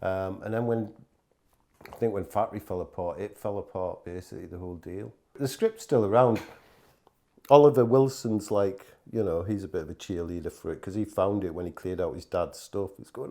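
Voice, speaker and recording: A man's voice: fairly low pitch, fairly quick, mellow. A middle-aged man tells stories in a loose, casual way. He rambles through fillers and restarts, swears freely and slips into acted-out quotes. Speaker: guest telling stories. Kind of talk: casual anecdotal storytelling.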